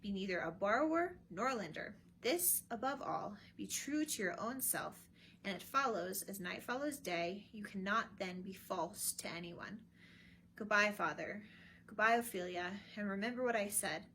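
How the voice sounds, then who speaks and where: A woman's voice: medium pitch, animated, normal speed, pushed and bright, a little hiss or hum, rough recording. A woman voicing an earnest young man giving parting advice in a storybook reading. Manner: earnest, advising.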